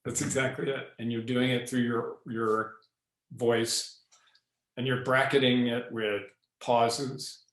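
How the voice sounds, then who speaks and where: A man, a leadership professor, explaining ideas as a podcast guest, deliberately varying his pace and pausing for effect. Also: medium pitch, flat delivery, fairly bright tone, reverberant. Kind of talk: podcast interview.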